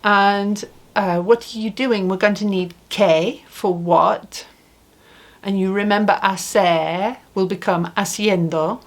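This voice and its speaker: Speaking slowly in a steady, medium-pitched voice, a woman teaches a Spanish lesson aloud. She patiently asks questions and demonstrates phrases for the learner.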